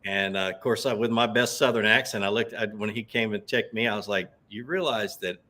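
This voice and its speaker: A man's voice: fairly low pitch, a little fast. Laughing Southern man telling tales. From American South. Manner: laughing, animated storyteller. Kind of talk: casual chat.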